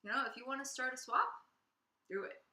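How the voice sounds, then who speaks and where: A woman's voice: sits high, lively intonation, quick pace, pushed and bright. A woman hosting a casual podcast chat, upbeat and giggly, often finishing her co-host's sentences. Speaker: podcast host. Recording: echoey room.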